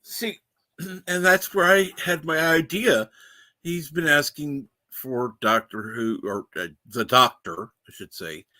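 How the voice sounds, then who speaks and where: A man's voice: a little high, takes it slowly, pushed and bright, dry recording. A man hosting a casual livestream, reading the chat aloud and laughing often. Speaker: livestream host.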